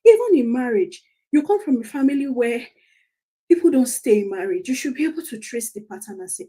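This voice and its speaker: A woman's voice: on the high side, animated, a little fast, dark tone, breathy edge. A middle-aged Nigerian woman, a family coach, telling personal stories in a motivational talk, repeating phrases for emphasis and laughing as she goes.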